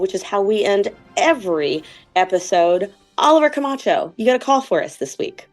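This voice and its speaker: A woman hosts an opera podcast in a loose, chatty way. She sounds enthusiastic and jokes along as she talks. Her voice sits at a medium pitch. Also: animated, moderate pace, darkish tone, faint music behind. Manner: enthusiastic, jokey. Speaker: podcast host. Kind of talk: casual podcast chat about opera.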